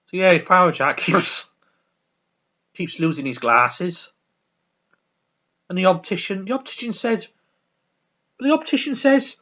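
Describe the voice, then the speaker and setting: A man's voice: high-pitched, measured pace, pauses often, sharp tone, highs cut off. A man hosting his own video, chatting casually and enthusiastically about a favourite comedy, repeating himself and swearing freely. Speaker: video host.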